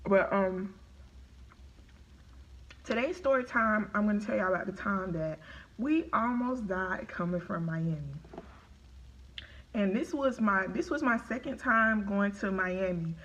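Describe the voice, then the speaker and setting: A woman's voice: medium pitch, slow, long pauses, highs cut off. A woman vlogger telling a story to her viewers in casual, chatty talk, during a live-streamed eating video. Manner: chatty, animated, talks to viewers as y'all. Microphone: phone or webcam on live stream.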